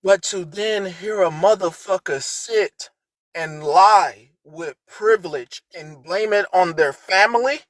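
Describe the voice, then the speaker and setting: A woman hosting a livestream, ranting with heavy profanity and swinging between low, muttered lines and shouted outrage. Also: slow, no echo. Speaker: livestream host. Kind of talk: heated livestream rant.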